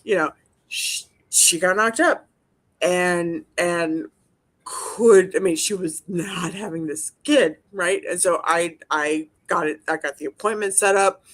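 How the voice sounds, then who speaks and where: A woman's voice: fairly low pitch, slow. A woman telling a personal story on a podcast, emotional and freely swearing. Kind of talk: casual podcast chat.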